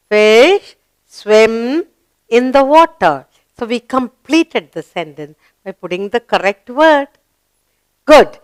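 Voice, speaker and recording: A woman's voice: fairly high pitch, fairly bright tone, clear, resonant tone, no echo. A woman teaching a grammar lesson to young children, spelling letters out and asking encouraging questions.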